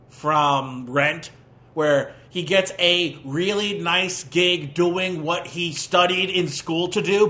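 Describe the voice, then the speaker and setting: A man hosting a podcast, ranting through a movie review in an animated, exasperated way with crude jabs. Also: on the high side. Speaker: podcast host.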